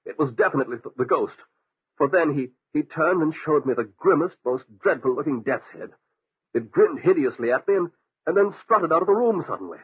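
An actor playing a shaken, defensive young officer in a 1940s radio drama, speaking in a hoarse, agitated way. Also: male voice, on the high side, expressive, brisk. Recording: tinny old radio recording.

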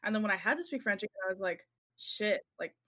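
A woman's voice: medium pitch, expressive, rapid-fire, a bit bright. Young woman streamer from Montreal, blunt and chatty. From Montreal, Canada. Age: young adult. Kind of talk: casual chat.

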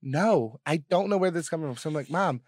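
A young man co-hosting a casual podcast chat, telling animated, profanity-laced stories with a dry close sound. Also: fairly high pitch, fast talker, no echo. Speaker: podcast co-host.

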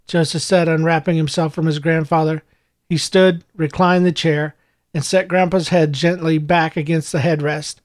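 Higher-voiced male audiobook narrator. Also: flat delivery, moderate pace, no room sound, clean studio sound.

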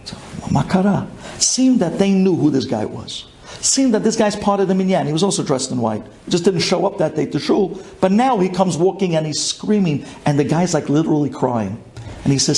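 Animated gravelly storyteller. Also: male voice, a little high, a little fast. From Brooklyn, USA. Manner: excitable, swings from hushed to shouting.

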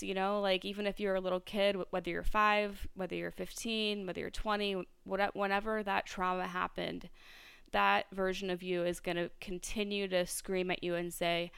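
A woman's voice: on the low side, little pitch movement, moderate pace, gravelly, a bit bright, smooth, dry recording. A woman hosting a solo podcast, talking reflectively with lots of fillers and restarts. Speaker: podcast host.

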